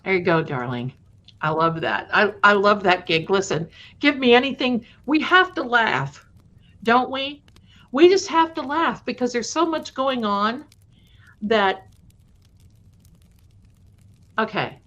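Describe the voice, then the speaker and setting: Over dull, lo-fi stream audio, a female live-stream host tells creepy tales in a relaxed way and talks fondly with her audience. Her voice is fairly high and fairly bright, with lively intonation and a slightly slow pace.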